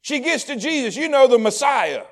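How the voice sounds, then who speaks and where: A man preaching a sermon. He repeats phrases in a rhythmic build and swings between hushed, intimate lines and shouted peaks. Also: very high-pitched, very animated, normal speed. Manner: repetitive, rhythmic delivery. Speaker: pastor.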